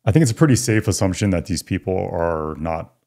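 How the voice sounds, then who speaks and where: A man's voice: deep voice, lively intonation, brisk, dark tone. A man co-hosting a podcast, talking through a news story with dry, wry asides. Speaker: podcast co-host. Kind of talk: casual commentary.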